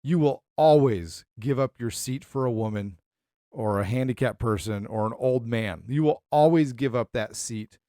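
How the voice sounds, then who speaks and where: A man's voice: medium pitch, normal speed, warm tone, no echo, studio quality. A man co-hosting a podcast in casual chat, laying out firm opinions emphatically. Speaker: podcast co-host.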